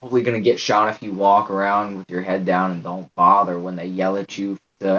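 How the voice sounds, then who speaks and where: A man in a casual podcast chat, talking in a laid-back way and making joking, deadpan asides. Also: low-pitched, brisk, few pauses. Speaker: podcast co-host. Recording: muffled lo-fi audio.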